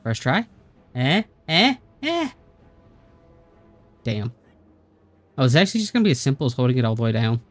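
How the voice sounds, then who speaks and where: A man's voice: mid-range voice, very animated, moderate pace, pauses often, faint music behind. Sarcastic man narrating his gameplay. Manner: sarcastic, swears, mutters while playing. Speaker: streamer. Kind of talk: casual gameplay commentary.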